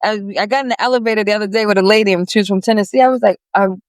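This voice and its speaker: A woman's voice: medium pitch, very fast, no room sound. Chatty woman guest, dry close sound. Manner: chatty, warm, rambling with restarts. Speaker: podcast guest, business founder. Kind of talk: casual interview chat.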